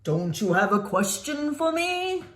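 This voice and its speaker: A woman voicing a male monster in a costume, who speaks in a low, menacing, taunting voice. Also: sing-song, measured pace. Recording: roomy echo.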